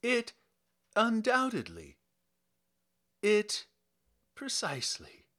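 Male reader as high, lively, frantic official; loud, bright exclamations. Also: measured pace, full character voice. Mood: wondering. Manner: excited, exclaiming. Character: flustered noseless male official, excitable.

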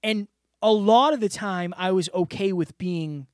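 Man, high-pitched voice, earnest, candid, casual interview talk, dry recording. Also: measured pace, no room sound. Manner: earnest, open, filler-heavy. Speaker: podcast guest.

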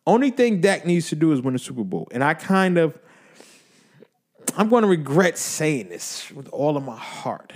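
A man hosting a casual sports podcast, talking in an animated, playful, hyped-up way. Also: on the high side, moderate pace. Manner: animated, hype, playful banter. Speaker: podcast host.

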